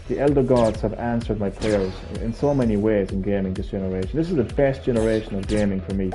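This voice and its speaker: Here's a gaming streamer with a warm, medium-pitched voice, chatting casually during a live stream. He rants and swears in mock outrage while game music plays faintly in the background.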